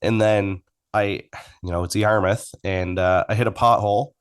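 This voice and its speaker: A man's voice: lowish voice, fairly even intonation, normal speed, smooth. A man co-hosting a faith podcast, chatting casually and trading jokes with his co-host. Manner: easygoing, jokey banter. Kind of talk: casual chat.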